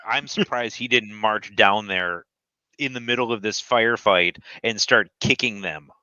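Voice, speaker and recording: A man's voice: on the low side, a little slow, bright, forceful tone, dry recording, lo-fi sound. A man bantering in a laid-back, dry, profane way about his army days. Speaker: co-host and army veteran. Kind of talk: casual chat.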